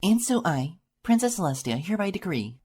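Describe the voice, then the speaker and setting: A high, whiny little know-it-all filly, bossy and insistent, put on by a man in an audiobook, with a slightly husky edge and a lively, bouncing melody. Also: a little fast, exaggerated voice. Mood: regal pretend. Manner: high-pitched, whining, insistent. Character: young filly unicorn, bookish, bossy. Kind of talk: audiobook reading.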